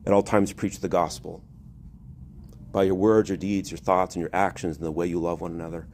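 A man's voice: sits low, flat delivery, brisk, a little mellow, slight background noise. A male priest preaching a sermon, earnest and rising to emphatic exhortation.

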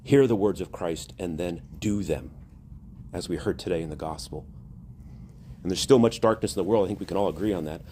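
A man's voice: deep voice, brisk, mellow, a little hiss or hum. A male priest preaching a sermon, earnest and rising to emphatic exhortation.

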